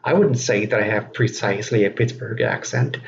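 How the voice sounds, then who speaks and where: A man giving a recorded teaching lecture, speaking slowly and deliberately with frequent fillers. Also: lowish voice, gravelly. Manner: slow, deliberate, self-aware delivery with frequent fillers. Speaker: instructor. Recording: dull lo-fi recording with faint noise.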